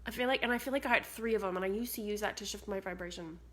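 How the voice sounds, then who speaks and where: A spiritual vlogger races along in a mid-range voice as she talks to her phone camera at home among cats. Her tone is bubbly and chatty, peppered with frequent "like"s.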